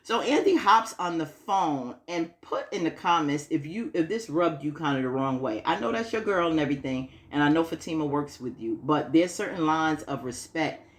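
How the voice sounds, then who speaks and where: A woman's voice: sits low, expressive, normal speed, few pauses. A woman chatting casually through a TV episode recap, acting out the characters' lines with frequent laughs. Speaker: TV recap vlogger.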